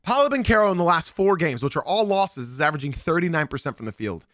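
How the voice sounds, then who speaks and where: Young guy doing a sports pod, high bright voice, super animated, keeps repeating himself for emphasis. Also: fast talker. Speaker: podcast host. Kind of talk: sports podcast commentary.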